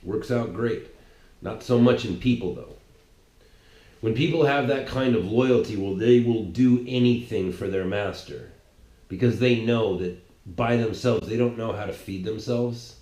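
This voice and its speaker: A man's voice: fairly low pitch, measured pace, dark tone, reverberant. A man giving a heated political monologue, rambling and restarting his sentences as he goes. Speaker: political commentator. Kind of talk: ranting monologue.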